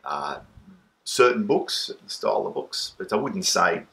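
A man, the host's husband, talking in a measured, slightly hesitant way, putting on a mock newsreader voice outdoors on a veranda. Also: low voice, very animated, vocal fry, sharp tone, rough recording.

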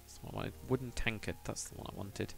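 A man's voice: on the low side, steady tone, fast, gravelly, a bit bright, faint music behind. A man on a casual live stream, thinking aloud and muttering to himself as he builds, stopping now and then to read out and answer viewer chat.

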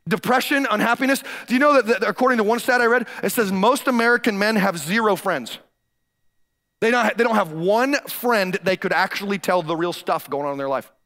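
A man preaching a sermon in a high, lively voice. He is emphatic and animated, hammering his points home by repeating them. His tone is bright and forceful, aimed at a congregation. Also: brisk. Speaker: pastor. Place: church stage.

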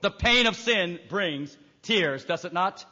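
A man's voice: high voice, lively intonation, slow, bright, forceful tone. A man preaching a sermon, reading scripture aloud and emphatically acting out voices. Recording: echoey hall, dull lo-fi recording.

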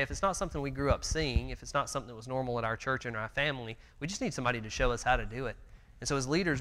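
A man's voice: mid-range voice, a bit bright. A man in his thirties teaching a church Bible class, telling stories earnestly and conversationally with fillers. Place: church meeting room. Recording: long church hall reverb.

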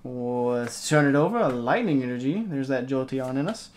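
A man hosting a casual unboxing video, talking excitedly and rambling as he opens card packs. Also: medium pitch, moderate pace. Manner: excitable, rambling, hyped reactions. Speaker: card-opening channel host.

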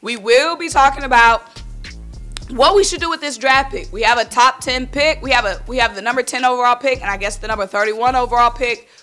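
Philly woman ranting about football on her vlog, bright sharp voice, gets worked up, faint music behind. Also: on the high side, brisk. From Philadelphia. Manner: animated, worked-up, blunt, speaks to viewers as y'all. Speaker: sports vlogger. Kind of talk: casual sports opinion vlog.

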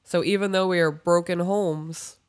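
A woman co-hosting a podcast, giving casual advice and telling candid, animated stories about her own family. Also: fairly low pitch, moderate pace. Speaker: podcast co-host reading listener emails.

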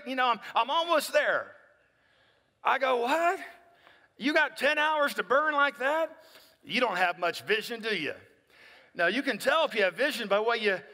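A man preaching a sermon in a high, bright and forceful voice, chatty and direct, often checking in with his listeners. His voice rings through a large hall with a long reverb. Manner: conversational, asks "right?" often, acts out people in dialogue. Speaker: pastor.

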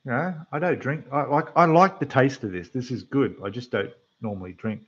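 A man with an Australian accent hosting a casual model-building livestream, chatting away to viewers in a slightly rough voice. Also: mid-range voice, fairly quick, dull audio. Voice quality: rough, losing its depth. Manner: chatty, rambling, talks to the chat while building. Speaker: scale model livestream host. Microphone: desk microphone, quieter when turned away.

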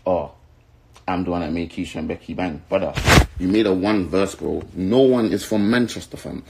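A man's voice: low-pitched, normal speed, very noisy. A young man with a South London accent, a rapper, delivering an angry, insulting, profanity-filled rant that keeps circling back to the same points. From London, England. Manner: angry, insulting, swearing, repeating himself. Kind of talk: heated rant to camera.

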